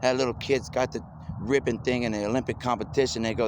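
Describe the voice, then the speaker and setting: A man's voice: mid-range voice, fast talker. Rambling man talking outdoors, noisy. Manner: rambling, excitable, repeats himself. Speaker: video blogger.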